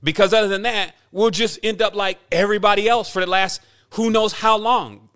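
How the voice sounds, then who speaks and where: Emphatic rambling man, higher voice. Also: steady tone, brisk, a bit bright. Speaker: spiritual teacher. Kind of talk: spiritual monologue.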